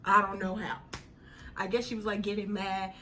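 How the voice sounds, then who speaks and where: Bright, animated young woman telling a story. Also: medium pitch, normal speed, slight background noise. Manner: animated, dramatic retelling with slang. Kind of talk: casual storytime.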